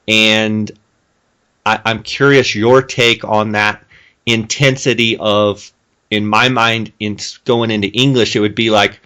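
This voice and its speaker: Bright-voiced man hosting a podcast. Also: on the low side, steady tone, unhurried, smooth. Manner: casual, restarts often, asks leading questions. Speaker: podcast host. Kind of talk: conversational podcast interview.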